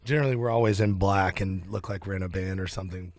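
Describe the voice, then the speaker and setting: A man with a Southern US accent, talking as a country singer guest in a relaxed, rambling interview chat in a radio studio. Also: sits low, fast talker, no echo. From southern United States. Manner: relaxed, rambling, laughs easily.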